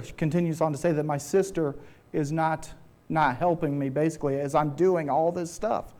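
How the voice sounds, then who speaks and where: A man's voice: fairly high pitch, fairly even intonation, normal speed, a little mellow. A man preaching a sermon to his congregation in an earnest, conversational way, often restarting his phrases. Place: church.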